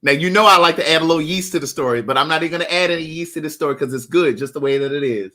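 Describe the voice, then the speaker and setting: Guy on a livestream, animated storytelling, talks right at the chat, bright ringing voice. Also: on the high side. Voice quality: animated, addresses viewers by name, drawn-out asides. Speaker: livestream host. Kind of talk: casual storytelling to live viewers.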